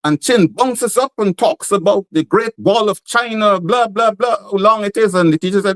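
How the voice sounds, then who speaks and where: A Guyanese playwright with a Guyanese accent, telling animated stories in an interview and acting out the voices of the people in them. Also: male voice, sits high, a little slow, low-quality recording. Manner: animated, acts out quoted voices. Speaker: playwright guest. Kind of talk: interview storytelling.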